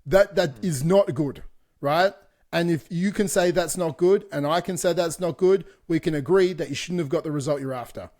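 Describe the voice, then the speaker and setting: A man's voice: a little high, normal speed, darkish tone. A man co-hosting a fitness podcast, talking bluntly in casual chat and swearing freely. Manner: blunt, swears freely, laughs between points. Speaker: podcast co-host, fitness coach.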